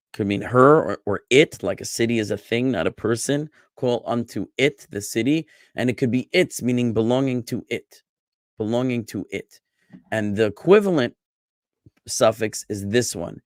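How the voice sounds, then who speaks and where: A rabbi teaching a Hebrew class over a video call, lively and chatty, joking with his students. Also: mid-range voice, dry recording, studio quality. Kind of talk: online class lecture.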